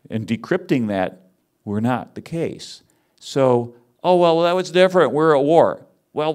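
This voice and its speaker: Wry, animated male conference speaker. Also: mid-range voice. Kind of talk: lively lecture with audience banter.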